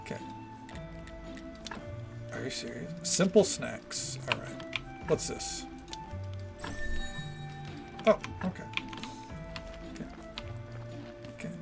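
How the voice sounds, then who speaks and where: Gravelly streamer. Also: male voice, fairly high pitch, expressive, takes it slowly, long pauses, over music. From American South. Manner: rambling, chatty, swears casually. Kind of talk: casual livestream commentary.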